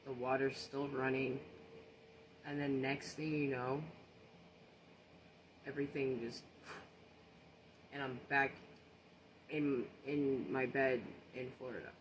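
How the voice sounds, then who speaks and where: Man, casual social media storyteller, earnest and rattled, mid pitch, steady background noise under the voice. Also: slow, pauses often, poor audio. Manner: earnest, shaken retelling with restarts and repeated phrases.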